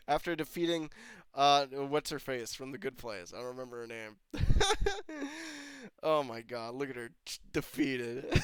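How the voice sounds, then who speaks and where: Online reviewer, ranting commentary, swears and laughs a lot, incredulous, smooth voice, dry close sound. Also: medium pitch, sing-song, measured pace, long pauses, dry recording. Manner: laughs often between lines, swears freely; exasperated, incredulous rhetorical questions. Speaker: video reviewer. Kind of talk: ranting commentary over footage.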